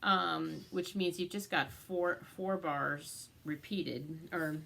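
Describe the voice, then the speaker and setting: A woman's voice: fairly low pitch, fairly even intonation, slow pace, vocal fry, slight background noise. A woman teaching a banjo tune step by step, explaining strings and frets patiently and chanting the picking rhythms. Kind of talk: instructional music lesson. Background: loud banjo playing.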